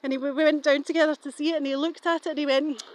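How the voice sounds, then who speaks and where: Middle aged woman from the south of england, pretty high voice, rambles on and swears a lot while walking outside. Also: steady tone, fast. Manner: rambling, suspicious, swears casually. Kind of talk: rambling walking vlog monologue. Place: outdoors, walking.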